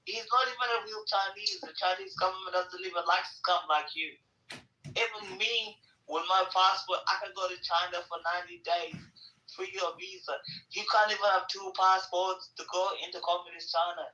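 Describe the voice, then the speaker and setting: A man's voice: sits high, steady tone, moderate pace, pushed and bright, echoey room, far from the mic, highs cut off. A man arguing heatedly in an online voice chat, hurling insults and repeating the same taunts. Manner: aggressive, insulting, repetitive taunting.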